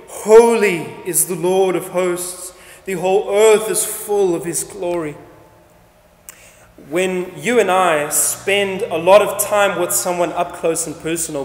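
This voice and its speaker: A male pastor preaching a sermon, driving his points home with repetition and rhetorical questions. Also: sits high. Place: church sanctuary. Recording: echoey church hall reverb.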